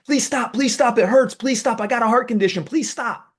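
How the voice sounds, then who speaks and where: A man voicing a male test subject in pain who begs, in a high, strained voice, for it to stop. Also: brisk, husky. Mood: pleading. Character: pleading man in pain behind a wall.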